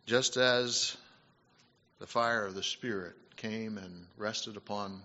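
A man preaching a sermon, swinging between loud, emphatic passages and soft, hushed ones, with halting restarts and fillers. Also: on the low side. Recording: dull lo-fi recording.

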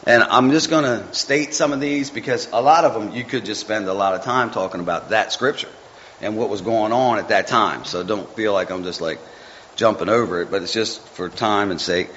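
A man's voice: on the low side, normal speed, a bit bright, a little hiss or hum. A man giving an informal devotional talk, folksy and rambling, with chatty asides to the listeners. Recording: muffled with faint background ambience.

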